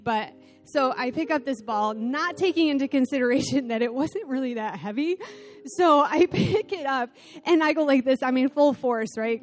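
A middle-aged woman preaching a sermon in church, telling a self-deprecating personal story with animated delivery. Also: sits high. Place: church sanctuary.

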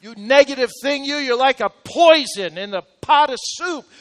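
A man's voice: extremely high pitch, normal speed, hardly any pauses, fairly bright tone, in a large hall. A man preaching a sermon as pastor, with emphatic, repetitive exhortation.

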